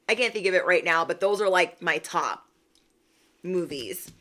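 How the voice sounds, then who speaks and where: A woman's voice: on the low side, normal speed, a bit bright. A young woman hosting a spiritual livestream, talking to her viewers in a sassy, slangy way and laughing often. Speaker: spiritual reader and livestream host. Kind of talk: casual livestream pep talk.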